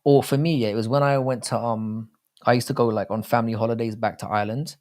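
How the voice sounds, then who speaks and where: A man's voice: mid-range voice, steady tone, quick pace, darkish tone. A British man co-hosting a live stream chat, rambling in a casual, profane way. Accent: British English. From Britain.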